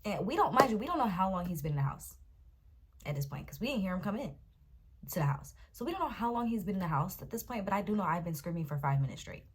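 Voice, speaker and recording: A woman's voice: medium pitch, fast talker, slightly rough. A young woman vlogger telling a dramatic storytime, talking straight to her viewers. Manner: animated, dramatic retelling, talks to viewers as y'all and baby. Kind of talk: storytime vlog.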